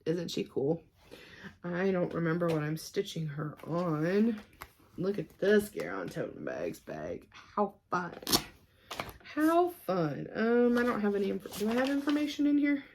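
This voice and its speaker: A woman in casual show-and-tell mode, walking through her craft projects in an easy, rambling way. Her voice sits in a middling pitch with a gravelly fry underneath. She loses her train of thought now and then and laughs at herself before moving on. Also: big pitch swings, unhurried, darkish tone, a little hiss or hum. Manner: chatty and scattered, trails off and laughs at herself. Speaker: cross-stitch vlogger.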